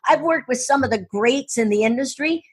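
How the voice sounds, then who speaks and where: Excitable, husky-voiced woman speaking coach. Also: high voice. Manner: excitable, rapid restarts and asides. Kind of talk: enthusiastic interview storytelling.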